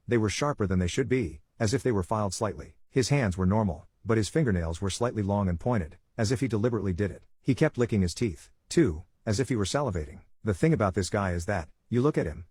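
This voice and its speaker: Fast, husky male story narrator. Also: fairly low pitch, no room sound. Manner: steady first-person reading. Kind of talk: scripted narration of an online story.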